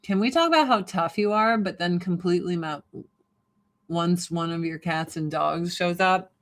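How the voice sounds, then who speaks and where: A woman's voice: on the low side, normal speed. A middle-aged woman chatting bluntly and profanely while doing her makeup on a livestream. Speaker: vlogger. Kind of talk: casual get-ready-with-me livestream chat.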